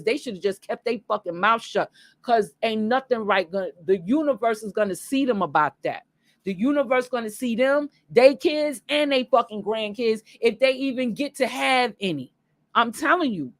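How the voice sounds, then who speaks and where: A woman's voice: a little high, no echo. Fiery, swearing woman in her late thirties. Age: late 30s. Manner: loud, swearing, repetitive, emphatic. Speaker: vlogger. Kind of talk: heated profane rant to camera.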